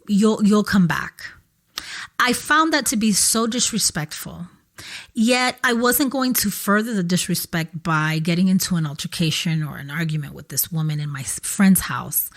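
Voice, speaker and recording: A woman's voice: lowish voice, fairly bright tone. A woman co-hosting a podcast, telling a personal story in an earnest, conversational way and acting out what others said. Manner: earnest, storytelling, acts out quoted voices. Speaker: podcast co-host. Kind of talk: casual chat. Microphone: podcast microphone.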